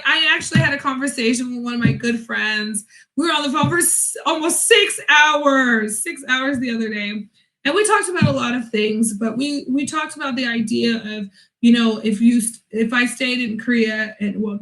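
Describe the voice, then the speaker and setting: Animated high-voiced woman telling a story. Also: moderate pace, poor audio. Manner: animated storytelling, acts out both sides of conversations. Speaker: vlogger. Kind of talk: casual storytelling vlog.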